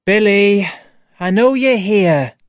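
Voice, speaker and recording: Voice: mid-range voice, expressive, slow, no echo, studio quality, voice pushed up. A reader voicing a strict but caring female ballet teacher in a graded-reader audiobook, with an insistent, raised delivery. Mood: apologetic. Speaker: dance teacher.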